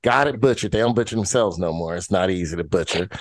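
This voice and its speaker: A man co-hosting a podcast, telling a story in casual, profane talk, jumping into higher voices to quote people. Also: fast, no room sound. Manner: animated storytelling, profane, swings into high mimicking voices. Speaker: podcast co-host. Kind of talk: casual chat.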